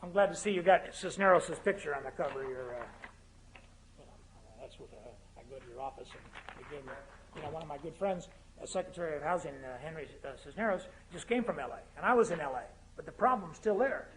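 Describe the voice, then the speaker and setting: A man's voice: a little high, animated, fast talker. A man in his fifties giving a political speech in a university lecture hall, building to fervent, emphatic crescendos between humorous asides. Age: 50s. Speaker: guest speaker.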